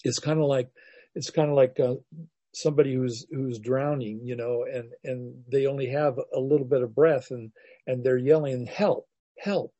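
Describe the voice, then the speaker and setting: A man preaching a sermon as a pastor, teaching verse by verse in an unhurried, reflective way with restarts and soft laughs. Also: medium pitch, steady tone, no room sound.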